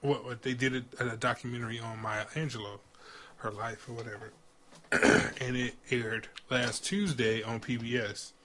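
A man's voice: mid-range voice, steady tone, moderate pace, pushed and bright, a little hiss or hum. A man hosting a podcast in casual chat, enthusiastic and slangy. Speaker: podcast host.

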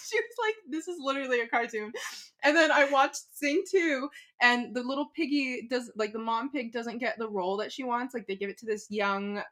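A young woman with a fairly high voice co-hosting a casual podcast. She laughs a lot, cuts in with eager asides and tells her own stories with bright energy. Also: normal speed, few pauses. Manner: bubbly, laughs often, jumps in with eager asides. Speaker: podcast co-host. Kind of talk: casual chat.

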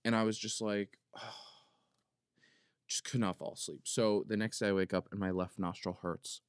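A man's voice: lowish voice, steady tone, normal speed, clear, resonant tone, no echo, studio quality. A man hosting a podcast, telling a long story in a casual, rambling way full of "like" fillers. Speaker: podcast host. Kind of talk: casual comedic monologue.

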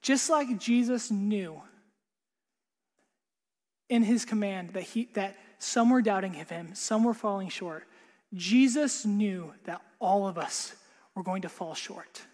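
A man's voice: high voice, slow. Earnest preacher man in a reverberant hall. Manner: earnest, repeats words, drops to a hush for emphasis. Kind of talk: sermon.

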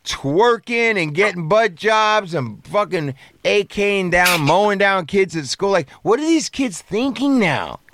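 A man's voice: high-pitched, expressive, a little slow, hardly any pauses, noisy background. A man co-hosting a casual podcast, talking bluntly and profanely, often calling his co-host "bro". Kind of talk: casual chat.

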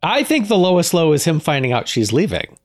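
A man's voice: on the high side, very animated, brisk. A man co-hosting a podcast, chatting casually and playfully, throwing out ideas and jokes. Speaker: podcast co-host. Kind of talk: casual chat.

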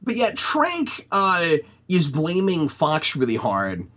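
A man's voice: fairly high pitch, huge pitch swings, takes it slowly, a bit bright. A man in a casual podcast chat, giving a rambling critique of a movie with lots of restarts. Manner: rambling, many restarts and fillers.

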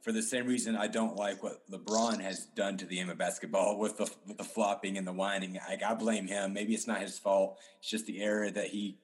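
A man's voice: on the low side, level tone, fairly quick, hardly any pauses. A man in casual basketball talk on a podcast, rambling with many restarts and fillers.

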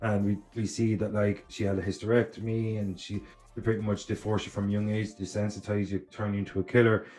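A man's voice: on the low side, flat delivery, quick pace, a little mellow. A man co-hosting a casual film podcast, emphatic and profane, full of likes and you-knows. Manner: profane, emphatic, lots of fillers. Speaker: podcast co-host. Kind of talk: casual film review chat. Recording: roomy sound with faint music.

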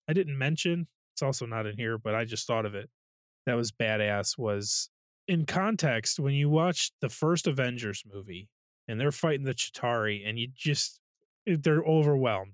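A man's voice: mid-range voice, no echo, clean studio sound. A man co-hosting a podcast, chatting casually and telling stories with swearing and sound effects. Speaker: podcast co-host. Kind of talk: casual chat.

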